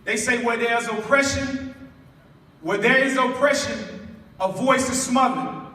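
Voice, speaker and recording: A man in his late forties from Chicago's West Side, giving a preacherly spoken-word speech to a school audience, calling for responses and building to loud emphatic lines. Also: extremely high pitch, measured pace. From West Side of Chicago, USA. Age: 40s. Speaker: spoken word poet and speaker. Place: large school hall. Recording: echoey hall from far off.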